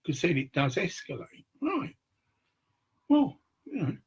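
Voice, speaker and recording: A man's voice: high voice, big pitch swings, takes it slowly, husky. A man, talking in a rambling, profane monologue to the camera. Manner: rambling, profane, acts out little scenes.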